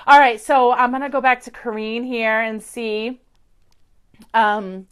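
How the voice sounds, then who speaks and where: A woman's voice: fairly high pitch, fairly even intonation, unhurried, a bit bright, clean tone. Gushing, chatty woman psychic medium. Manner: effusive, gushing, chatty with many fillers. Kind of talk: live-stream reading for viewers.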